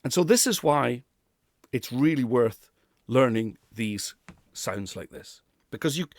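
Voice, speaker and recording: A man's voice: medium pitch, no room sound, studio quality. A man coaching pronunciation who demonstrates sounds and laughs often. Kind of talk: pronunciation lesson.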